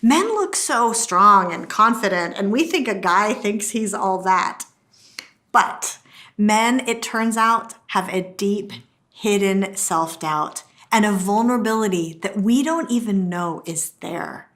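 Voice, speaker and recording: A middle-aged woman teaching a marriage course, telling stories and acting out quotes with a lively delivery. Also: medium pitch, takes it slowly. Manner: lively storytelling, acts out quotes. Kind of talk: teaching talk to camera.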